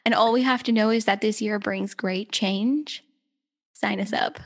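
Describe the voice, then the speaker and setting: A woman's voice: mid-range voice, steady tone, moderate pace. A woman hosting a podcast in casual conversation, upbeat and laughing easily. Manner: upbeat, laughs often, chatty. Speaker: podcast host.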